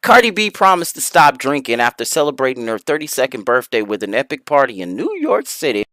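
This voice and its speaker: A man hosting a casual stream, reading celebrity gossip aloud and breaking off into crude jokes. His pitch swings widely, and his voice is recorded dry, close to the mic. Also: big pitch swings, fairly quick, no room sound. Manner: loud laughing outbursts, crude jokes, jumps into high voice. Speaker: streamer host.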